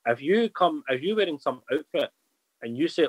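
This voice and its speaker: A podcast guest, a man, talks quickly in a loose, candid ramble, circling back on his own points. His voice is dry and close, with no room around it. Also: a little high, animated, no room sound, low-quality recording. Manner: rambling, candid, restarts a lot. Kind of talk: casual chat.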